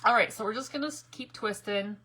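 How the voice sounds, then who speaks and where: A woman's voice: fairly high pitch, fairly quick, sharp tone, slight background noise. A woman hosting a casual live crafting stream, chatty and laughing often as she greets viewers by name. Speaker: craft livestream host.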